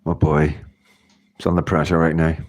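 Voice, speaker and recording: A man's voice: very deep voice, flat delivery, normal speed, darkish tone. A middle-aged man hosting a casual livestream, chatting in a rambling way and laughing often. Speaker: livestream host. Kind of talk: casual live-stream chat.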